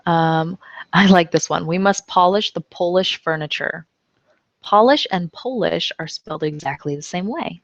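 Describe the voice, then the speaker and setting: A woman's voice: on the low side, steady tone, normal speed, dry recording. A woman teaching an English lesson in a casual way, reading example sentences aloud and explaining them. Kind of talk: online language lesson. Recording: dull, dry lo-fi recording.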